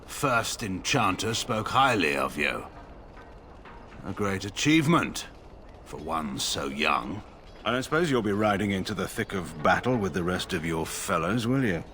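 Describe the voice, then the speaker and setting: Dry condescending lord, low voice, swoops up and down a lot. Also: male voice, very animated, a little slow, bright, forceful tone, slight background noise, heavily acted. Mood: cool. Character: proud, scheming male nobleman in a game. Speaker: game character, a lord.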